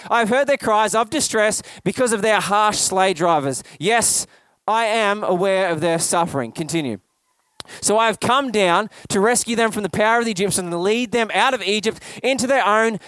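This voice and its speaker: A man's voice: sits high, fairly bright tone, no room sound. A man preaching a sermon in a conversational way, asking the congregation questions. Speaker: pastor.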